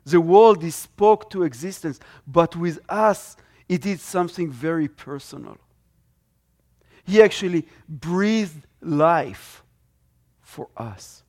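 A man's voice: on the high side, expressive, takes it slowly, darkish tone. A man preaching a sermon with strong emphasis, his voice swelling and dropping.

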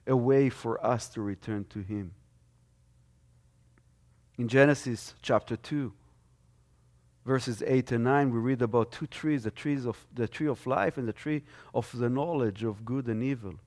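A man preaching a sermon with strong emphasis, his voice swelling and dropping. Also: medium pitch.

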